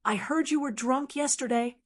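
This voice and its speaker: A woman's voice: high-pitched, moderate pace, voice pushed up. A woman voicing a lazy, brash young nobleman who scoffs and talks bluntly. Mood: scoffing.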